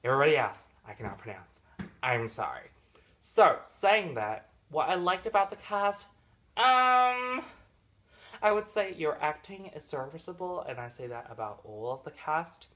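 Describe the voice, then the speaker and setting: Jokey, animated young-sounding male movie reviewer. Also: normal speed. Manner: animated and jokey, with big swings in loudness and pitch; addresses the actors directly in mock complaint. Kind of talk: casual spoken movie review.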